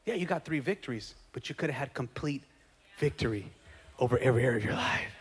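A male pastor preaching a sermon, animated, rising to shouts at the peaks. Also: medium pitch, fast talker, breathy edge. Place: church sanctuary. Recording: reverberant church hall.

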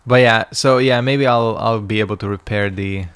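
Low-voiced man muttering over gameplay. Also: steady tone, normal speed, a bit bright, clear, resonant tone. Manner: muttering, swearing, talking to himself. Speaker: gaming streamer. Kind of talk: casual gameplay commentary.

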